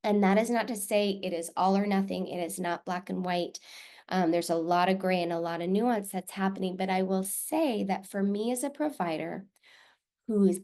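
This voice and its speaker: A woman's voice: medium pitch, moderate pace. A woman presenting a live online workshop over a video call, reading out participants' responses and affirming them with frequent ums. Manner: warm, affirming, reflective, with filler ums.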